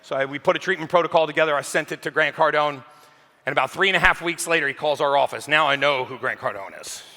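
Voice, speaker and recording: A man giving a keynote speech on a conference stage, telling a story with lively acted-out quotes. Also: a little high, fast. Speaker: keynote speaker. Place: conference stage, large hall. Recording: long reverb of a large hall.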